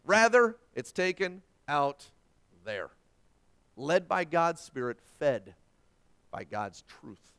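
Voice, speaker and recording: A middle-aged man preaching a sermon as pastor, swinging between hushed lines and loud, dynamic delivery. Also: fairly high pitch, very animated, slow pace, pauses often, clean tone.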